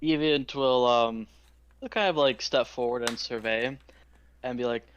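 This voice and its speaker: A man's voice: mid-range voice, measured pace, fairly bright tone, clean tone, lo-fi sound. A man playing a tabletop game, talking confidently in character. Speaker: player.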